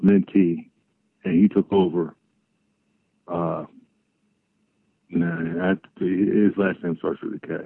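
Rambling middle-aged co-host on a phone line. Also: male voice, low-pitched, vocal fry, slightly rough, no echo. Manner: rambling, searching for words. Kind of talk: casual political talk. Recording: tinny phone-line audio.

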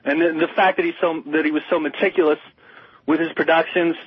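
A man's voice: a little high, fairly even intonation, fast, husky, no room sound. A man co-hosting a radio talk show, chatting casually about music in an emphatic, rambling way with many restarts. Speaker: radio co-host. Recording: slightly muffled radio broadcast.

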